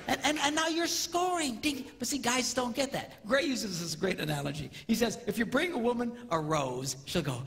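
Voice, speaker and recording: A man giving a comedic marriage seminar to a live audience, acting out spouses' reactions in an animated, joking way. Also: very high voice, moderate pace, creaky, hardly any pauses. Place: large hall with live audience. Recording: reverberant hall with audience noise.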